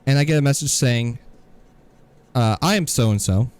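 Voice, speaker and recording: A man's voice: medium pitch, moderate pace, clean tone. A man co-hosting a podcast, telling a story in an exasperated, sarcastic rant. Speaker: podcast co-host. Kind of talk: casual ranting podcast chat.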